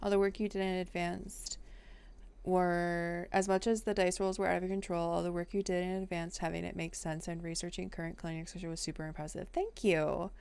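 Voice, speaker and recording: A young adult woman streaming, chatting casually and playfully to her viewers with sudden excited outbursts. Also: lowish voice, a little fast, gravelly, clean tone, dry recording.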